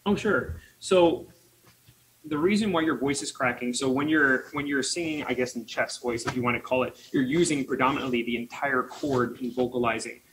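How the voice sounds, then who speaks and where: A man's voice: mid-range voice, moderate pace, fairly bright tone, a little hiss or hum, low-quality recording. A man voice teacher presenting at a conference, joking around while he explains. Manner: jokey and playful, explaining.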